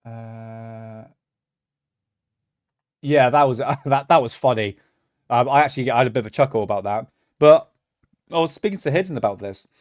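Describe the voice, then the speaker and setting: A man's voice: mid-range voice, dry recording, studio quality. A man hosting a casual livestream, talking bluntly and ranting, swearing freely. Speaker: livestream host.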